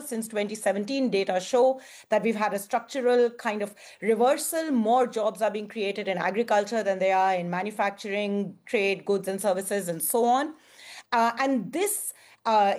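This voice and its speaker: A woman from India, a panel guest, speaking in a measured, analytical way with frequent fillers. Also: medium pitch, a little mellow. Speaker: guest commentator. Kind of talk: panel discussion.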